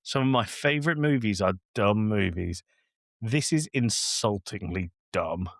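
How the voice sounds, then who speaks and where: A man's voice: lowish voice, expressive, measured pace, creaky, no room sound, studio quality. Exasperated man ranting about a film. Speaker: podcast co-host. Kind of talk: casual film review chat.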